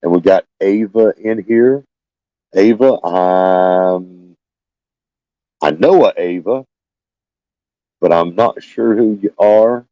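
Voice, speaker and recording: Older homestead host, scratchy and low, unhurried folksy live-stream chat, dull phone sound. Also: male voice, no echo. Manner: halting, folksy, many fillers and restarts. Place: small room with fans running.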